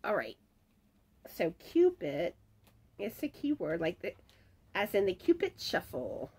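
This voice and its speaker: A woman's voice: mid-range voice, huge pitch swings, a little mellow, husky. A woman hosting a crochet channel, casually announcing giveaway winners and chatting to herself, her voice starting to give out. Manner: chatty and unhurried, mutters asides to herself. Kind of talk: casual giveaway announcement, reading viewer comments.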